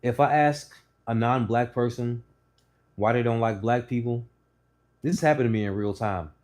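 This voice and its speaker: A man telling stories and opinions to his channel in a blunt, profane, animated way while sitting on a couch indoors. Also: medium pitch, moderate pace. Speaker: channel host. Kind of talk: casual opinion monologue.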